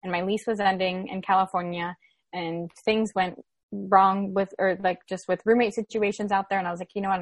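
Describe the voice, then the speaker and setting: A young woman in her twenties from Florida, USA, appears as a podcast guest, animatedly retelling a personal story in casual chat full of "like" fillers. Her medium-pitched voice runs a little fast, with no echo.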